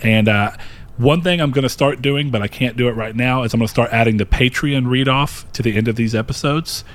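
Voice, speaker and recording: A man hosting a podcast runs through the show's housekeeping in a chatty, rambling way. His voice sits at an average pitch, and he leans on filler words. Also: fairly quick. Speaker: podcast host. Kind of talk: casual podcast chat.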